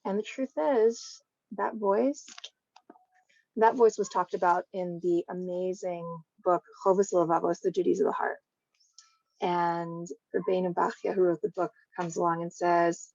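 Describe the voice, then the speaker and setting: A woman guest speaker giving an online Torah talk in a lively, conversational teaching manner. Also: on the low side, a little slow, vocal fry, no echo. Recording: dry, slightly dull recording.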